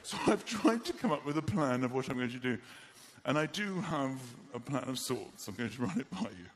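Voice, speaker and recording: A man doing live stand-up comedy, animated and self-mocking. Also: medium pitch, fairly quick. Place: comedy stage before an audience. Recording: loud live-venue background noise.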